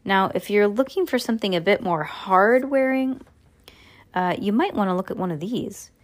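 A woman voicing a blunt, brisk shopkeeper witch as she reads a story aloud. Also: mid-range voice, lively intonation, close to an everyday voice.

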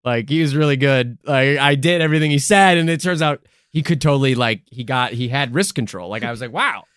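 A man's voice: mid-range voice, fairly quick, clear, resonant tone, no echo, clean studio sound. A man co-hosting a comedy podcast, improvising a profane story and acting out voices along the way. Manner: profane, animated, acts out voices in stories.

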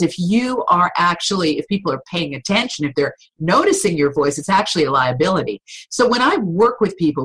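A woman's voice: lowish voice, fairly bright tone, slightly rough, rough recording. A woman voice coach speaking as a guest on an interview podcast, explaining with energy and demonstrating vocal exercises.

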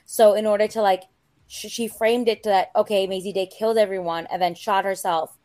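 A woman's voice: mid-range voice, fairly even intonation, brisk, darkish tone. A woman co-hosting a podcast in casual chat, rambling and using many fillers. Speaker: podcast co-host.

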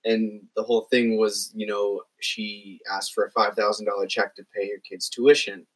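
Husky low-voiced man retelling a film. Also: normal speed, low-quality recording. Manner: animated retelling of film scenes. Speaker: podcast co-host. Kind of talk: casual film discussion.

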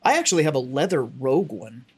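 A man's voice: mid-range voice, very animated, fast talker, husky. A man co-hosting a podcast in casual chat, swearing freely and trailing off mid-sentence. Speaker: podcast co-host.

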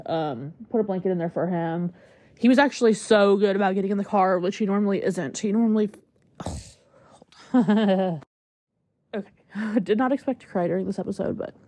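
A woman's voice: medium pitch, warm tone, dry recording. A woman hosting a podcast, telling a personal story in a chatty, candid way and using "like" constantly. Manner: chatty, heavy use of "like", emotional and candid. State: choked up at times. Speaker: podcast host.

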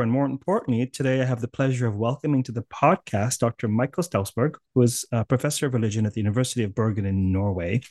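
A man from Canada hosts a podcast interview in a middle-pitched voice. He talks in a chatty, rambling way and laughs easily. The recording is dry and close. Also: a little mellow, no room sound. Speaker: podcast host. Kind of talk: interview conversation.

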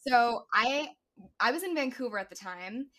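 Bright lady guest on a podcast, animated storyteller, quotes people as she talks. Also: on the high side, moderate pace. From United States. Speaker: guest actress. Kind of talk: casual podcast interview.

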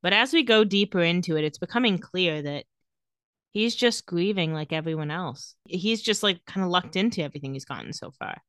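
A woman co-hosting a casual podcast, recounting a story with animated delivery. Her pitch swings widely, and the sound is dry and close with no room behind her. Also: brisk, no room sound. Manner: animated storytelling, laughs often. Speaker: podcast co-host. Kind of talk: casual recap chat.

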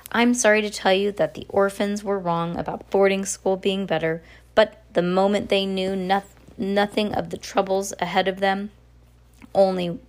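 A woman's voice: on the low side, darkish tone. A woman reading a children's novel aloud, unpolished, with frequent slips and restarts. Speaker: audiobook reader. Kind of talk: casual read-aloud of a novel.

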